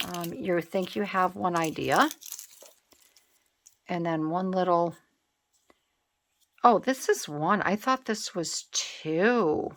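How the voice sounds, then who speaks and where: A woman narrates her crafting at an unhurried pace, thinking aloud and second-guessing her choices. Her voice sits a little low and carries a gravelly fry, with a relaxed, casual delivery. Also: slight background noise. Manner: thinking aloud, hesitant and musing. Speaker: craft channel host.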